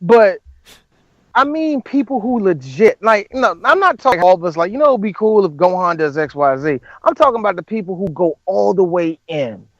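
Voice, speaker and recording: A man's voice: high-pitched, big pitch swings, moderate pace, fairly bright tone, dry recording, muffled recording. A man co-hosting a podcast, riffing in profane, joking casual chat. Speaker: podcast co-host.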